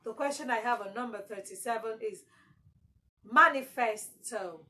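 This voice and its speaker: A woman's voice: a little high, quick pace, rough recording. A woman teaching an exam-prep English lesson, repeating key words for emphasis.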